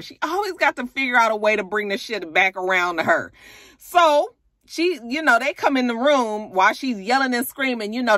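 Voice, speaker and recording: A woman casually recapping a reality show, chatty, profane and animated. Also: brisk, no echo. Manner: animated, profane, chatty, swings into high acted quotes.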